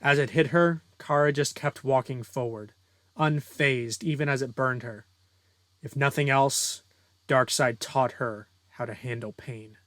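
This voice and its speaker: A man's voice: mid-range voice, unhurried, fairly bright tone, no room sound. A young man reading his own story aloud and breaking off for casual, self-deprecating author commentary.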